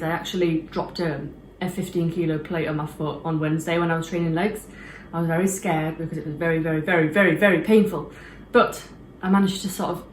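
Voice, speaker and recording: A woman's voice: lowish voice, slight background noise. Chatty woman with a morning voice. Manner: chatty, rambling with restarts. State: morning voice, just out of bed. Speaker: fitness vlogger. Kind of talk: casual chat. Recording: echoey room with kitchen clatter.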